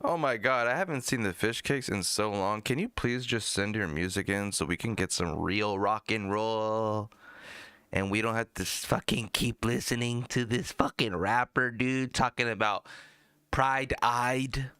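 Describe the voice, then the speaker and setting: A man's voice: normal speed, sharp tone, clean tone, no echo. An American man hosting a live music review stream, drinking beer and mocking a rapper with profane, jumpy commentary. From United States. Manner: mocking, jumps into high squeaky outbursts.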